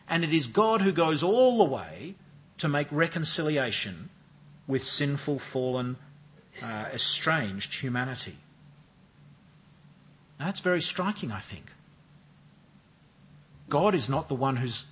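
A man preaching an expository sermon with a measured, emphatic delivery, often repeating and stressing key phrases. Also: a little high, fairly bright tone, breathy edge.

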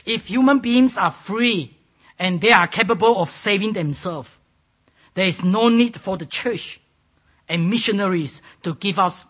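Male preacher, middle-aged, slow measured delivery, bright slightly husky tone, sermon. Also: high voice. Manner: slow, emphatic preaching with non-native grammar. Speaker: pastor.

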